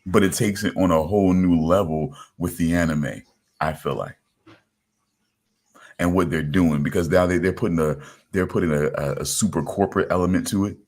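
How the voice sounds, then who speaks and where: A man with a very low voice talks loosely in a casual podcast chat. He rambles, restarts often and leans on "you know what I'm saying". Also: moderate pace, darkish tone. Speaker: podcast host.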